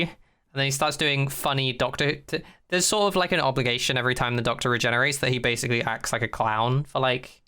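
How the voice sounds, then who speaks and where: A podcast co-host chatting casually and rambling animatedly through an episode recap, acting out scenes as they go. The voice is bright and lively, with a smooth, clear tone. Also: mid-range voice, fast talker.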